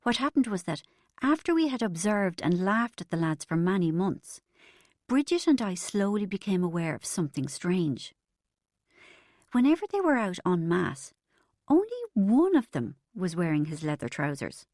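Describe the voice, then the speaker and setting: A woman's voice: fairly low pitch, very animated, moderate pace, a little mellow, no room sound, studio quality. A woman reading a comic novel aloud as an audiobook narrator, in a wry storytelling manner.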